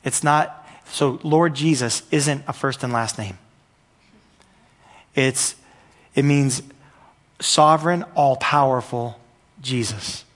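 A man's voice: mid-range voice, slow, long pauses, fairly bright tone. A man preaching a sermon as pastor, earnest and repetitive, building in intensity at the peaks.

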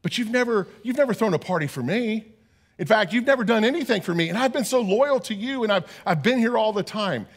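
A man's voice: sits high, lively intonation, fairly quick, voice pushed up. A man doing an indignant, aggrieved older brother.

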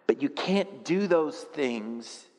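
In a large-sounding room, a mid-range-voiced pastor preaches slowly, telling self-deprecating stories. He alternates between quiet reflection and loud, animated eruptions.

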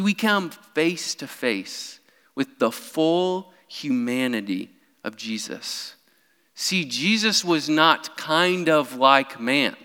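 Young pastor guy preaching, bright tense voice, big church reverb. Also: fairly high pitch. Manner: animated preaching, rising for quoted cries. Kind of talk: sermon. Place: church sanctuary. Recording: long hall reverb.

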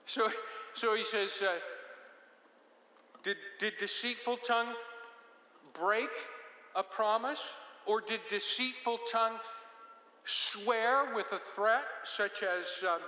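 A man's voice: high voice, slow pace, bright, forceful tone. A man giving verse-by-verse Bible teaching in a conversational manner with joking asides. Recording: roomy with long reverb.

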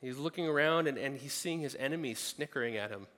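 A man preaching with a bright, forceful voice, talking with his listeners and then climbing to loud, emphatic peaks. His voice rings in a large hall with a long reverb. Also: medium pitch, quick pace. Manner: conversational, rising to emphatic peaks. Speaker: pastor. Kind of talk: sermon.

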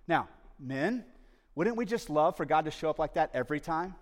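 Guy preaching a sermon, kinda high voice, goes quiet then loud, big hall echo. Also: animated, moderate pace. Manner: conversational, swings from quiet to loud and emphatic. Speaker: pastor.

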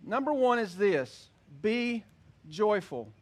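A man preaching a sermon as a pastor, earnest, reading scripture slowly and with emphasis. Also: sits high, very animated.

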